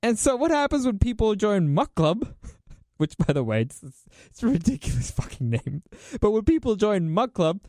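A fired-up man hosts his own commentary show and rants hard, swearing often and pressing his points with emphasis. His voice sits high for a man. The recording is dry, with no room sound. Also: sing-song, normal speed, darkish tone, no room sound. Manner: ranting, profane, emphatic. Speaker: podcast host. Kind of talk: opinionated solo commentary.

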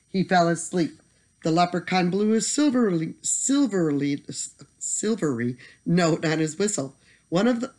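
A storyteller reading a bedtime story aloud in an expressive manner that slows for tension. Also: mid-range voice.

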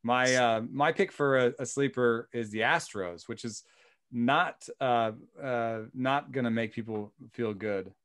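A man's voice: mid-range voice, a little slow, fairly bright tone, clear, resonant tone, no room sound, clean studio sound. A man co-hosting a podcast, rambling casually about baseball with many "um"s and "uh"s. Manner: rambling, heavy on "um" and "uh", jokey. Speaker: podcast co-host.

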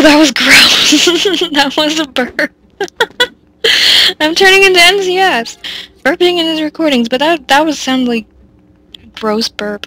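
Over faint, gentle game music, a let's-play commentator with a fairly high voice chats casually about her game. She drifts off topic, jokes at her own expense, giggles, and leans on fillers like "uh" and "like."

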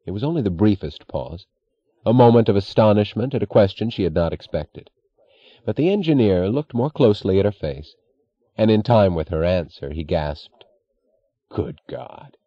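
Deep-voiced man narrating an audiobook. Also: lively intonation, moderate pace, dry recording, lo-fi sound. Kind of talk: scripted narration.

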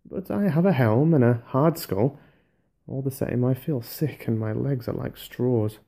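A man voicing a small, kindly hobbit who has been hurt and shaken, speaking high and eager. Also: measured pace, gravelly, dark tone, slightly rough. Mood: rueful.

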